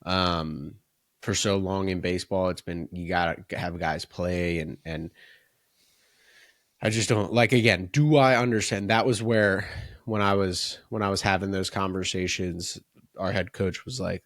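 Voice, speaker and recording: A man's voice: low-pitched, steady tone, a little slow, fairly bright tone, no echo, clean studio sound. A man who coaches baseball, co-hosting a casual podcast and talking in long run-on thoughts that he often caps with "right?" and "like".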